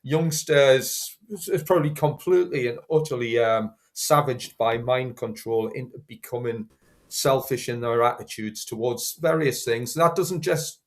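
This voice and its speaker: An older man on a talk show, explaining his views earnestly with many hesitations and restarts. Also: medium pitch. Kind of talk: casual talk show chat.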